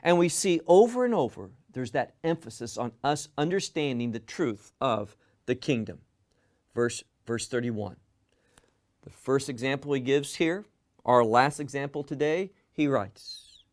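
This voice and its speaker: A man teaching a Bible passage as a sermon, asking rhetorical questions and answering them himself in a deliberate, emphatic way. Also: medium pitch, lively intonation. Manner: slow, deliberate, emphatic delivery.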